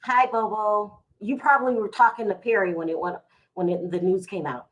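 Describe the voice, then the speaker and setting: A woman's voice: medium pitch, fairly even intonation, normal speed, lo-fi sound. A middle-aged woman, hosting a casual live stream from home, chatty and emotional as she talks to her viewers. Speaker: vlog host going live.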